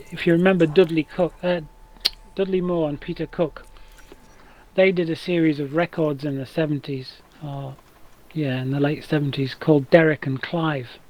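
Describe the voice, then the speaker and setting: A male streamer with a rough, damaged voice chats casually while gaming, rambling through stories and restarting often. His voice is a little high and darkish in tone, captured on a low-quality recording.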